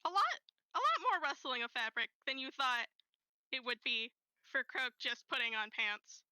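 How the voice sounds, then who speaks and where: Woman game master, high, very bright voice, gentle unhurried narration, dry close mic. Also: very animated, smooth, dry recording, rough recording.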